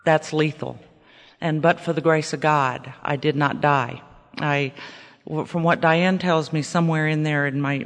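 A middle-aged woman giving a candid, wry personal testimony at a recovery meeting, often repeating words for emphasis. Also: low-pitched. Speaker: recovery speaker sharing her story. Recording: echoey hall with long reverb.

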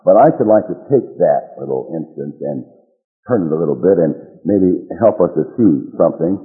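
A man's voice: low-pitched, animated, normal speed. A man giving a folksy, self-deprecating speech full of jokes at a recovery meeting in a large hall. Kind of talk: joke-filled speech. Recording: dull old recording in a reverberant hall.

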